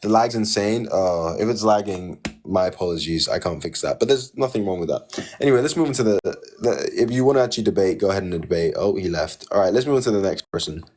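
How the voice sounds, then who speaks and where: A man's voice: low voice, lively intonation, fast talker, a little mellow. A man from Nigeria hosting a livestream debate, insistent and argumentative, talking over the caller.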